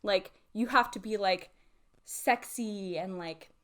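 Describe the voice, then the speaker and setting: A woman co-hosting a podcast in casual chat, giggly and quick with sarcastic asides. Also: mid-range voice, a bit bright. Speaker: podcast co-host.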